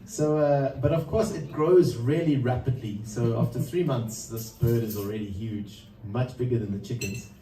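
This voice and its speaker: Mellow man telling a story on stage. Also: medium pitch, moderate pace, hardly any pauses. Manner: loose, rambling storyteller with frequent chuckles. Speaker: musician introducing a song. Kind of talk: live storytelling between songs. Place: live performance room. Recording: roomy live sound from a distance.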